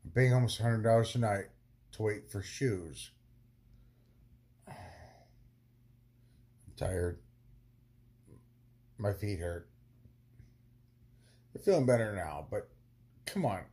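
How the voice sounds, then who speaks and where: A man's voice: lowish voice, animated, takes it slowly, pauses often, darkish tone, slightly rough. A man vlogging on a long hike, talking casually to the camera and ranting in a tired, annoyed way. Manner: ranting, annoyed and tired, swears then apologizes. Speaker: long-distance hiker vlogger.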